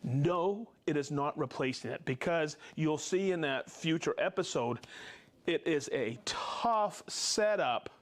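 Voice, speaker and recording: A man hosting a live tool demonstration show, talking casually with jokes and quick bursts of speech. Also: fairly high pitch, animated. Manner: jokey, upbeat, quick bursts of talk. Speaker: host of a tool demo show. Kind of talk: casual live demo chat.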